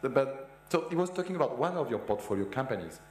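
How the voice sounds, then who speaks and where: Stammering French-accented host, echoey hall. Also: male voice, mid-range voice, very animated, quick pace, a little mellow, faint music behind. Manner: hesitant, stammering, polite. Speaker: conference host, interviewer. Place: conference hall. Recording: echoey conference hall with hum.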